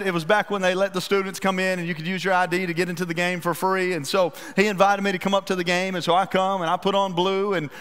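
A man preaching a sermon as pastor, telling stories in a folksy, animated, self-deprecating way. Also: high-pitched, clean tone. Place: church sanctuary. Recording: reverberant church hall.

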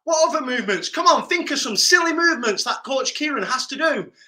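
A man leading a live online PE lesson for children, energetic and playful, calling out instructions. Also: extremely high pitch, fairly quick. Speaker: PE coach. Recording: roomy echo.

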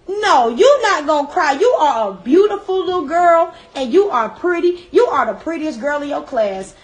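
A woman's voice: very high voice, moderate pace. A woman hairstylist talking live while doing a child's hair, emotional and encouraging, close to tears. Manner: lively, emphatic. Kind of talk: casual live-stream talk.

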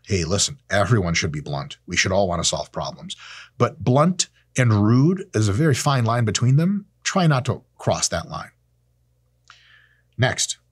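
Close to a camera mic, a man in his thirties delivers a casual, profane monologue in a lowish, breathy-edged voice, with studio-quality sound and no room tone. He's sarcastic and blunt, acting out quoted people in silly voices.

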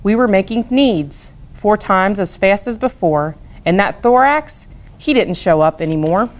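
A woman reads a rhyming children's book aloud at a mid pitch. She keeps a steady, bouncing rhythm through each line, every rhyme landing on the beat. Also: measured pace. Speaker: school staff reader.

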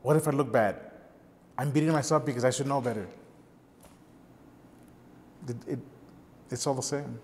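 A man's voice: medium pitch, moderate pace, long pauses, in a large hall. A middle-aged man who teaches ceramics tells earnest stories in a documentary interview. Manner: earnest, storytelling with gestures.

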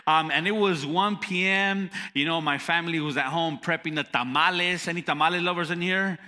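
Male pastor giving a sermon, high bright voice, long echo in a big church hall. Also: moderate pace, few pauses. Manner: animated storytelling, asks the crowd questions.

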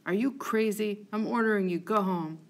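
A woman's voice: medium pitch, moderate pace, lightly acted. A woman voicing a scheming male villain who speaks curtly and with menace. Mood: menacing. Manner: curt, menacing.

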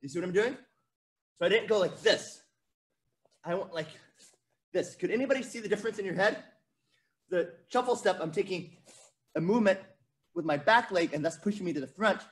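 A man's voice: sits high, expressive, a little fast, pauses often. A man teaching a virtual martial arts class to kids, coaching energetically and counting out drills. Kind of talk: virtual kids' class instruction.

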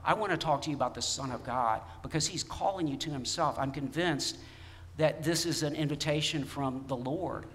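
Pastor preaching in a reverberant church. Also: male voice, fairly high pitch, moderate pace, fairly bright tone. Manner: conversational storytelling, quoting dialogue, frequent restarts. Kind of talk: sermon. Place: church sanctuary.

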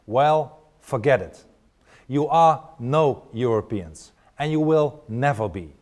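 A man's voice: medium pitch, expressive, takes it slowly, a little mellow. A man with a Dutch accent giving a blunt, declarative political speech.

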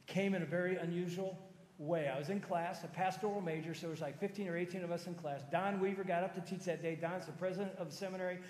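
A man in his fifties with a notably high voice delivers a sermon in a relaxed, animated storytelling way. His voice rings around a large church auditorium, trailing a long hall reverb behind each phrase. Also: quick pace. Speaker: pastor.

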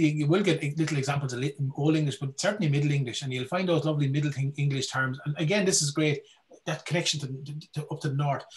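A man talks quickly and with energy. He speaks as a folklorist in a relaxed talk and restarts his phrases as ideas tumble out. His voice sits a little high for a man. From Ireland. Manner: animated, repeats words while thinking. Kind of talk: casual talk with questions.

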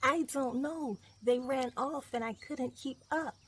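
Woman voicing a high little bear cub boy. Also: slow, husky, heavily acted. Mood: frightened. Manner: pleading, childlike. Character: small scared young male bear cub.

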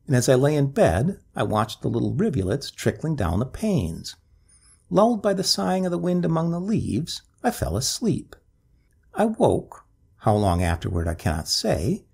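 A man's voice: medium pitch, wildly swooping pitch, measured pace, creaky, dark tone, breathy edge. A man reading a ghost story aloud as scripted narration, with a dramatic, swooping delivery.

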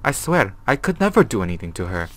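A man's voice: lowish voice, big pitch swings, fast, a bit bright. A man voicing a frightened, guilt-ridden male former tenant, reading his diary note aloud in a put-on accent. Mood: fearful. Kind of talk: reading game text aloud.

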